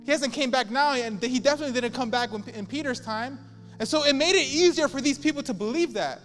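A man's voice: very high voice, fast, a bit bright, long reverb tail, slight background noise. A man pastor preaching a sermon in an emphatic, repetitive style.

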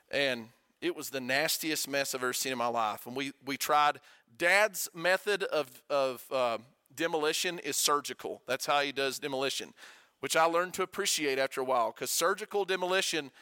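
A middle-aged man preaches in a high, bright, forceful voice. He talks conversationally, tossing rhetorical questions at his listeners and sinking to a quiet hush to drive points home. The sound is dry and close. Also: clear, resonant tone, dry recording. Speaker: pastor. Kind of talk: sermon.

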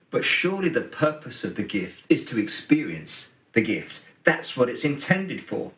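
Preacher, male, middle-aged, bright lively delivery, storytelling sermon, roomy hall, mic at a distance. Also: medium pitch. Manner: storytelling, emphatic swings between loud and hushed. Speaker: pastor. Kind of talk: Christmas sermon.

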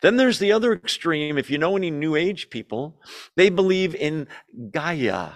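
A man preaching as a pastor, teaching verse by verse through a Bible passage in a conversational way, often asking his listeners questions. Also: moderate pace. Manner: conversational, asks the audience questions, lively shifts in pitch.

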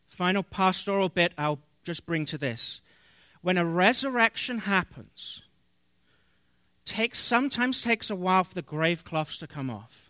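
High, bright-voiced man preaching. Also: lively intonation, no echo, studio quality. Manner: earnest preaching with pauses and fillers, reading scripture aloud. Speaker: pastor. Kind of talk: sermon.

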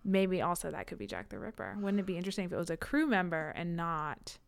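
A woman co-hosting a book podcast in casual chat, sarcastic and quick to laugh as she retells the plot. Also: on the low side, sing-song, vocal fry, clear, resonant tone. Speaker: podcast co-host.

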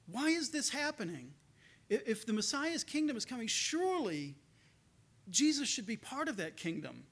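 A man voicing a troubled male disciple who wrestles aloud with doubt, halting and repeating words as he searches for answers. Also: very high-pitched, very animated, fairly bright tone, voice pushed up, full character voice.

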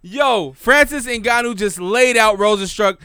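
A man hosting a podcast, chatting excitably and swearing while watching fights. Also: high-pitched, a little slow, clean tone, no echo, studio quality. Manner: excitable, bursts into shouts. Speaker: podcast host. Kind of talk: casual chat watching fights.

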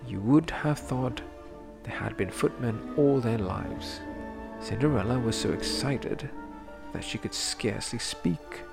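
A man reads a fairy tale aloud, measured and expressive, in a mid-pitched voice with a gravelly edge. Music plays clearly behind him. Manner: measured, expressive storybook reading. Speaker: storyteller.

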